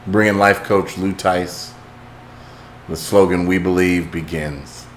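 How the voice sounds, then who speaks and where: A man hosting a motivational talk, telling a dramatic story that swings from hushed intensity to shouting. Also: sits low, fairly even intonation, slow, a little hiss or hum. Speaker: host.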